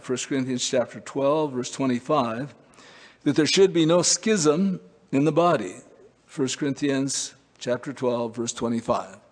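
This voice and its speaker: A man's voice: mid-range voice, in a large hall. A male preacher delivering a conversational sermon, with many fillers and restarts.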